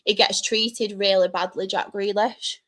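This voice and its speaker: A woman's voice: mid-range voice, fairly even intonation, measured pace, fairly bright tone. A young woman hosting a casual live Q&A stream, chatting, greeting viewers by name and laughing often. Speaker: live stream host reading chat.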